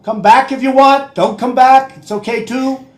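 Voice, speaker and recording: Man doing a blustering politician impression, shouting, repetitive, very high, echoey and distant. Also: steady tone, normal speed. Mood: dismissive.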